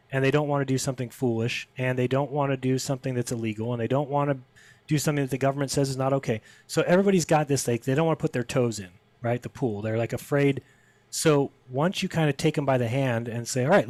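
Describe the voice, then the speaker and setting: Fast-talking man telling a story. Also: mid-range voice, no echo. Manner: animated, acts out quoted people with raised voice. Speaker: podcast guest. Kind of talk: casual storytelling interview.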